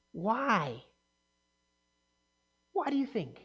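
A woman leads a Bible lesson for a young audience in a lively, animated way. She keeps checking in with questions for the group and brings the crowd's words to life as she reads them out. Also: a little high, measured pace, dull audio. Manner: animated, asks the listeners questions. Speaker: children's Bible teacher.

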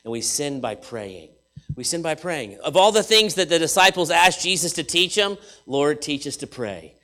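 A man preaching a sermon in an animated way, repeating phrases for emphasis and swinging from loud to hushed. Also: on the high side, moderate pace.

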